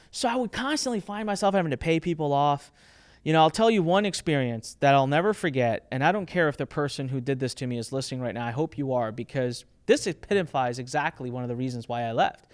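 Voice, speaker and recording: A man in his thirties telling a candid story about running a business, acting out the people he quotes. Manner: animated, acts out quoted people with shifting pitch.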